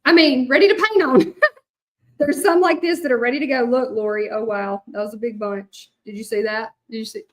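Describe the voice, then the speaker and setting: Middle-aged Southern woman, Louisiana drawl, folksy crafting host with a slightly high voice, loose and rambling. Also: moderate pace. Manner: chatty, rambling, many fillers, talks to viewers. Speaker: hand-lettering artist. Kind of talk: casual craft livestream chat.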